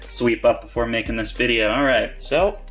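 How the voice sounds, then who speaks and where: A man hosting a casual reptile-care vlog from a reptile room in his home, talking in an excitable, joking way. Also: mid-range voice, moderate pace. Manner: excitable and joking, yelps in pain when bitten. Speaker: reptile keeper and channel host. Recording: echoey room with faint music.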